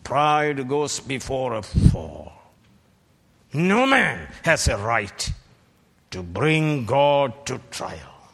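A man preaching a fiery sermon in a large church hall, his words drawn out very slowly with a gravelly edge. He swings between quiet menace and sudden shouted peaks, and his voice rings with the long reverb of the hall. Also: medium pitch, big pitch swings. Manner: slow, emphatic, rises to shouted peaks.

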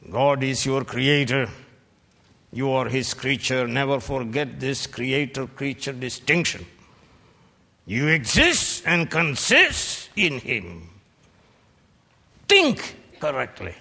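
A man preaching a fiery sermon, slow and emphatic, climbing to shouted peaks. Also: mid-range voice, creaky. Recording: long reverb of a large hall.

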